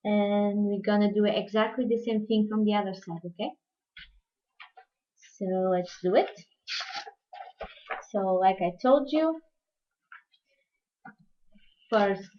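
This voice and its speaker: A woman teaching a paper craft on a live stream, speaking at an unhurried pace as she works with her hands. Her voice comes through muffled, lo-fi stream audio. She talks to her viewers directly between steps. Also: mid-range voice. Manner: talks slowly while working, chats with viewers. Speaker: craft tutorial host.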